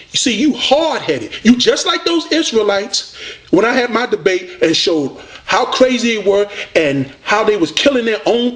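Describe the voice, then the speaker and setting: A man from the United States, delivering a combative, preachy video rant at a rival debater. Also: high voice. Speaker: online debater addressing a rival.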